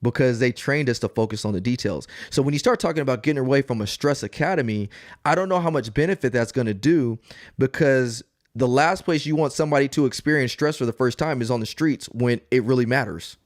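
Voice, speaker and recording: A man's voice: medium pitch, a little fast, no echo, clean studio sound. A man co-hosting a casual podcast, telling stories with lots of energy and acting out the voices of the people in them. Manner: animated storyteller who acts out quoted voices. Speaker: podcast co-host and police officer. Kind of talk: casual chat.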